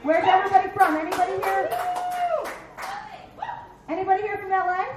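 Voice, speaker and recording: Comic, woman, 50s, from Philly: very high voice, brash and profane, echoey bar stage. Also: steady tone, fairly quick, heavy background noise. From Philadelphia. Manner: brash, profane, punchy delivery with acted-out asides. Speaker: stand-up comedian. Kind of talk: stand-up comedy set.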